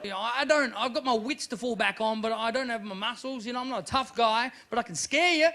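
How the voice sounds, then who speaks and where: A man doing an animated live stand-up routine, sometimes shouting in character. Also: very high-pitched, fast talker, slight background noise. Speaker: stand-up comedian.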